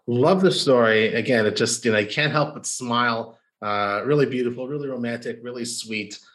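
Man, podcast host, chatty, lots of fillers, mid pitch. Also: normal speed, a bit bright. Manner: chatty, many "um" and "you know". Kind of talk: casual interview chat.

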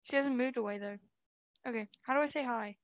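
A woman's voice: fairly high pitch, brisk, lo-fi sound, crowd noise. A woman co-hosting a podcast, chatting casually and giggling while she plays an online game. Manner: giggly, reads game chat aloud. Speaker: podcast co-host. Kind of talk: casual gaming chat.

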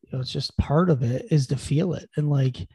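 A man's voice: on the high side, normal speed, gravelly, warm tone, slightly rough, no room sound. A man co-hosting a podcast, chatting casually and earnestly with lots of "you know" fillers, encouraging listeners. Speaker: podcast co-host. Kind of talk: casual chat.

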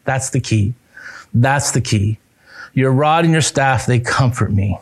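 A male pastor preaching a sermon, emphatic, repeating key phrases and dropping low on punch lines. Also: measured pace, breathy edge.

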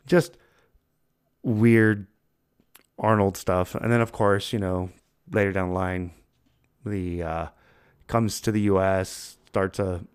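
Man, podcast host, casual rambling storyteller, fairly low voice. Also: smooth. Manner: loose, laughing storyteller with lots of fillers. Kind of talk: casual chat.

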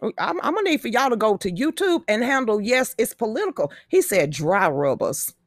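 A woman's voice: on the high side, very animated, fast talker, no echo, clean studio sound. A middle-aged woman, hosting a live show in brash, profane, joking casual chat.

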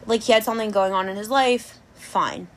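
A young woman hosting a podcast, telling a dating story in an animated, chatty way. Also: medium pitch, brisk. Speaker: podcast host. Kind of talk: casual chat.

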